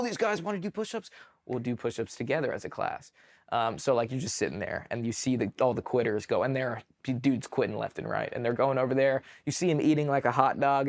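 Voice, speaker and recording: Chatty veteran man telling war stories. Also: fairly high pitch. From California. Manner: animated, acts out shouted quotes, many fillers. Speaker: podcast guest, army veteran. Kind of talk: casual storytelling interview.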